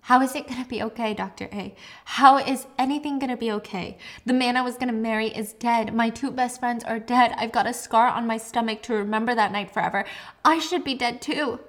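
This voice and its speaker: A woman voicing a traumatized young woman patient, crying as she haltingly tells her story. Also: on the high side, fairly bright tone. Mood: despairing. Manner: halting, emotional retelling.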